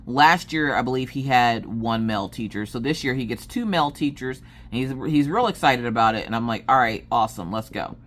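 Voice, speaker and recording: A woman's voice: extremely low pitch, lively intonation, brisk, few pauses. A woman craft vlogger in a casual chat, telling a rambling story with many fillers and restarts.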